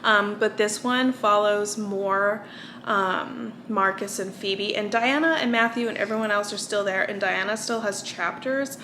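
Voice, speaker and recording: A woman's voice: medium pitch, a little slow, sharp tone, slight background noise. A young American woman vlogging, chatting casually and tired from little sleep, rambling with fillers and restarts. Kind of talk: casual chat.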